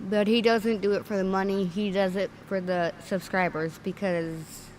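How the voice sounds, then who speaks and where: Speaking at a normal pace in a steady, slightly mellow mid-range voice, a female livestream host offers emotional commentary. She sounds earnest and near tears, and there's a little hiss or hum in the background.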